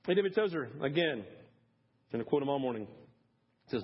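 Husky man preaching, swinging hushed to loud. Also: medium pitch, animated, moderate pace, pauses often. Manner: many fillers like "like" and "listen". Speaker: pastor. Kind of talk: sermon. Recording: dull lo-fi sermon audio.

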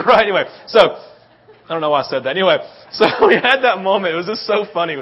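A middle-aged male pastor delivers a sermon in a voice a little higher than most men. He tells stories with animation and keeps checking in with "right?". The recording is dull and lo-fi. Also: fast, husky. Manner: animated storytelling, frequent "right?" tag questions. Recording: dull lo-fi sound.

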